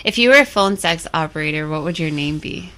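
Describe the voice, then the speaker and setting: A woman's voice: deep voice, lively intonation, a little fast, sharp tone. A woman co-hosting a casual podcast with her boyfriend, chatty and easygoing. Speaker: podcast co-host. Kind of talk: casual banter.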